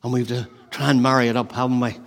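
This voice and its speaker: A man preaching a sermon in an earnest way, building emphasis and then dropping to a hush, often restarting his phrases. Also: mid-range voice, little pitch movement, racing. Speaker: pastor. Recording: long hall reverb.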